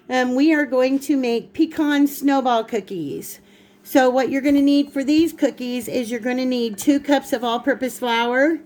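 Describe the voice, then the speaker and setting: A woman hosting a casual cooking vlog in her home kitchen, chatty and quick to laugh at herself. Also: high-pitched, a little mellow. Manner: chatty, laughing, self-teasing.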